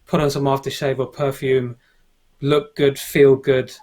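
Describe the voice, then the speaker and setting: A man's voice: medium pitch, flat delivery, measured pace, darkish tone. A male photographer on a livestream panel, speaking firmly and motivationally over a video call. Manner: firm, motivational.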